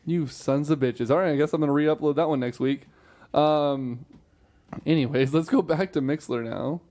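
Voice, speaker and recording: A man hosting a casual sports podcast, swearing and muttering to himself while running the recording software. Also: a little high, moderate pace. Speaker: podcast host.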